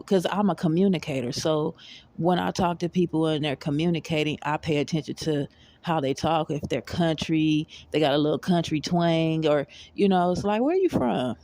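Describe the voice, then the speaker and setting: A woman's voice: deep voice, warm tone. A woman vlogger giving a casual motivational monologue in a rambling, repetitive, emphatic way.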